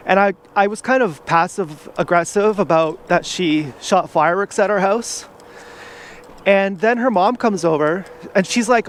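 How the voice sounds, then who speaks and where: A man's voice: high-pitched, normal speed, slight background noise. A man vlogging outdoors from an e-bike, rambling in a casual monologue full of "like" and restarts.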